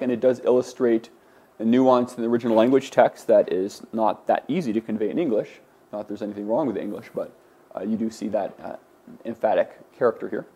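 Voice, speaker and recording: A man's voice: fairly low pitch, warm tone, breathy edge. A man teaching a Greek class, lecturing in a conversational way with many fillers and restarts. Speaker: Greek instructor.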